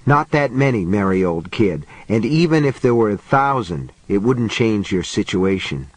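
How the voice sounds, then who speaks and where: A man's voice: on the low side, sing-song, normal speed, breathy edge, no echo, poor audio. A man reading the lines of a terrified trapped woman who pleads and talks herself through her fear, in a storybook reading. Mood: steeling herself. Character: terrified trapped woman, desperate but determined.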